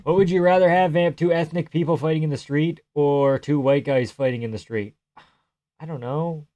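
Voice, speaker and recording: A man's voice: a little high, fairly even intonation, normal speed, dark tone, no echo. A man chatting casually on a live stream, reading out and answering chat in a loose, profane, rambling way and laughing often.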